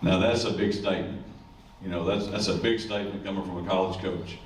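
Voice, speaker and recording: A high school coach gives a folksy, rambling speech full of jokes in a lowish voice. He is picked up from a distance in an echoey room. Faint noise hums underneath. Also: steady tone, fairly quick. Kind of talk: ceremony speech.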